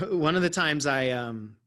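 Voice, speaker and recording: A man in the host seat of a coaching show, telling a personal story in a casual, self-mocking way. His voice sits a bit high for a man, and he laughs often as he talks. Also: sharp tone.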